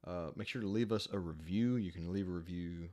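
A man's voice: low voice, a little fast, mellow. A man co-hosting a podcast in casual, profane, joking chat. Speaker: podcast co-host.

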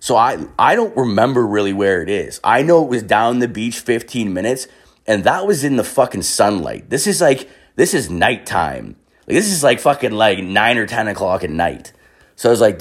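A man's voice: lowish voice, very animated, normal speed, breathy edge. A man from Canada telling a wild party story in a casual, rambling way, swearing constantly and padding with "like". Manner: profane and rambling, heavy filler words.

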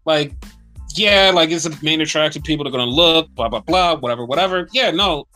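Male podcast co-host, casual and animated, swears a lot, high voice, faint music behind. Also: brisk. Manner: animated, swearing, acts out wrestler rants. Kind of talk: casual wrestling chat.

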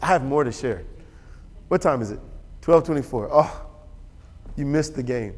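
A man's voice: a little high, lively intonation, quick pace, in a large hall. A man preaching a sermon as pastor. He talks emphatically, repeats his key lines and often checks that the audience is with him. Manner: emphatic and repetitive, asks the audience for assent.

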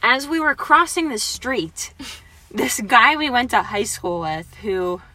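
A young woman co-hosting a casual podcast, expressive and sarcastic, laughing often. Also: a little high, slow, dry recording. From New England. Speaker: podcast co-host. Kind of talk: casual chat.

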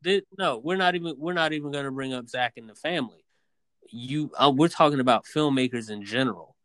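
A man co-hosting a podcast, making his points in an animated, emphatic way and often repeating his opening words. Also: mid-range voice, a little fast, dry recording. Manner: animated, emphatic, repeats himself when starting. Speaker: podcast co-host. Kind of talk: casual debate chat.

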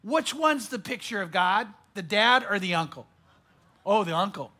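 Guy preaching a sermon, high voice, really punchy and repetitive. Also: expressive, pushed and bright. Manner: emphatic preaching with dramatic pauses and repetition. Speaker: pastor.

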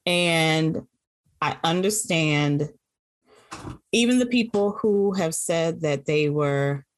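Casual: lowish voiced woman in a chat w friends, chill and blunt, laughs a lot. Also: expressive, slow. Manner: laid-back, laughs easily, plain-spoken. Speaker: guest, friend of the host.

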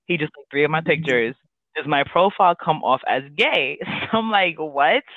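A man's voice: fairly high pitch, expressive, moderate pace, no room sound. A man co-hosting a podcast, rambling through a story, laughing and acting out what people said. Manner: rambling, laughing, acts out quotes. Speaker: podcast co-host. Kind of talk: casual storytelling chat. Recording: dry tinny phone-like line.

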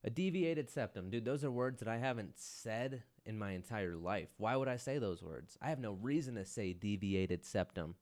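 A man with a slightly low voice talks through his solo podcast in a loose, rambling way. He pokes fun at himself, swears casually and keeps calling the listener "dude.". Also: animated, moderate pace, hardly any pauses, darkish tone. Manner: rambling and self-mocking, swears and says "dude" often. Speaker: podcast host.

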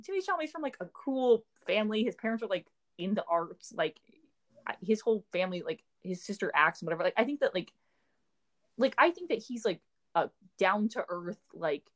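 A woman's voice: medium pitch, very animated, brisk. A young woman co-hosting a casual chat, rambling with constant filler words and restarts. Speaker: podcast co-host.

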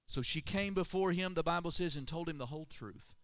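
A man's voice: fairly high pitch, brisk, a bit bright. Emphatic man preaching a sermon. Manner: emphatic preaching, calls for Amen. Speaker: pastor.

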